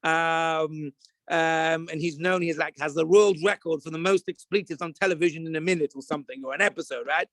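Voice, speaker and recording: A man, a rabbi, talking casually about kosher supervision, acting out little scenes and now and then bursting into shouts. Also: a little high, a little fast, dry recording. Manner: animated storyteller, acts out scenes, jumps to shouts. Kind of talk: casual talk to camera.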